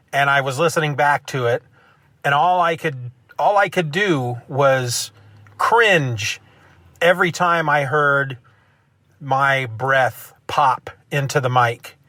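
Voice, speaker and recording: Using a phone as his mic, a man rambles through his own solo podcast, breaking into self-mocking rants. His mid-range voice is bright and forceful, and the recording has no echo.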